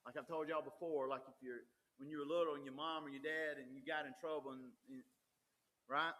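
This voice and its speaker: A man's voice: fairly high pitch, steady tone, a little fast, bright, forceful tone. A man, preaching a folksy, conversational sermon with frequent restarts. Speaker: pastor.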